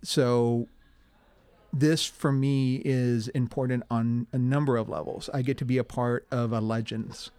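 A man in community theater talks through his story in a relaxed, thoughtful way. His voice sits at a middle pitch, and the recording is dry and close. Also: unhurried, clear, resonant tone, dry recording. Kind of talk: casual interview.

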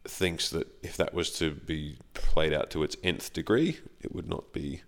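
A man's voice: rumbling low, a little slow. An Australian man, an actor guest, chatting casually and self-deprecatingly, often acting out the voices in his stories. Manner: rambling, self-deprecating, acts out quoted voices. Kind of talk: casual podcast chat.

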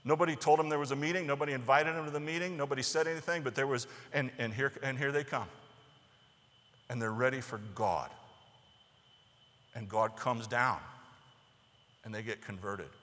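A man giving a conversational sermon lecture, talking in an animated way to the people listening. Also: medium pitch, normal speed, pauses often, big-room sound. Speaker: teacher or preacher.

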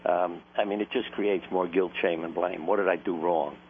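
A man's voice: low voice, fairly even intonation, moderate pace. A man, a doctor, telling stories in an earnest, anecdotal way and laughing now and then. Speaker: doctor, interview guest. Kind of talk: conversational storytelling. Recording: tinny phone-line sound with faint noise.

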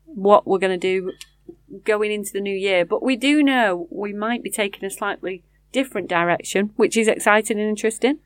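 An easygoing woman, co-hosting a relaxed podcast chat and laughing along. She talks at a middle pitch, recorded close and dry. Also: brisk, dry recording. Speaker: podcast co-host. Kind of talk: casual chat.

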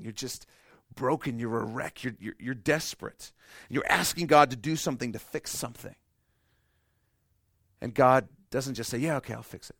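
A man preaching a sermon with passion, repeating his phrases, swinging from loud to hushed and acting out voices in his story. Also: mid-range voice, creaky, no echo, clean studio sound. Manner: repeats phrases, acts out voices of God and people. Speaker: pastor.

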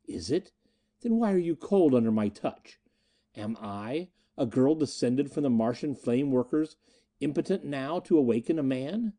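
A man's voice: medium pitch, expressive, normal speed, warm tone, close to an everyday voice. A man voicing a proud, jealous Martian woman in an audiobook reading. She speaks in a stern, scornful and intense way.

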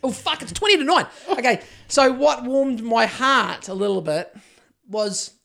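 A man's voice: very high-pitched, a little slow, creaky, a bit bright. Rambling, swearing New Zealand man. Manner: profane, rambling storyteller. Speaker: podcast co-host. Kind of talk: casual chat.

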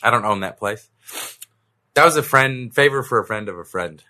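A man's voice: on the low side, lively intonation, normal speed, sharp tone. A man hosting a podcast while nursing a cold, chatting in a loose, joking way. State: has a cold. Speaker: podcast host. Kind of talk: casual chat.

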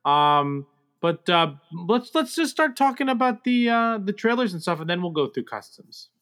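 A man's voice: high-pitched, sing-song, moderate pace, a bit bright, clean tone. Upbeat man co-hosting a podcast. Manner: upbeat reading of show promos, then loose chat with many fillers. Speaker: podcast co-host. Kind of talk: casual chat.

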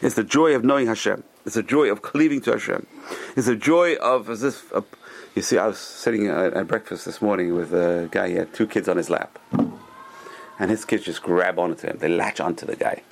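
A man giving a Torah class, animated and repeating phrases for emphasis. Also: on the low side, fairly quick, creaky, slight background noise. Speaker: rabbi teaching a class.

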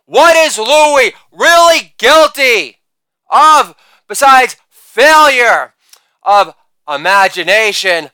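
A male comedian doing a crude insult roast, with brash delivery and shouted catchphrases. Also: sits high, lively intonation, slow pace, smooth, no room sound.

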